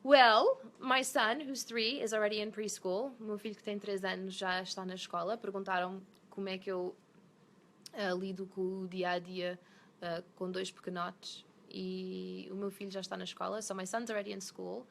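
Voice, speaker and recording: A woman's voice: medium pitch, little pitch movement, fairly quick, creaky, a bit bright, slight background noise. A woman in her thirties, an actress, chatting casually in a live stream, reading fan comments aloud and switching between English and Portuguese.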